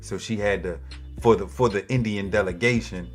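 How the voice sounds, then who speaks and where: A man's voice: on the low side, moderate pace, faint music behind. A man giving casual, slangy political commentary straight to his viewers, preachy and direct.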